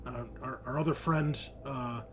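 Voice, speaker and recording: A man's voice: medium pitch, steady tone, a little slow, fairly bright tone, slight background noise, lightly acted. A man doing a stammering, scared young survivor. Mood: anxious. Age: young adult. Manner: stammering, repeating words.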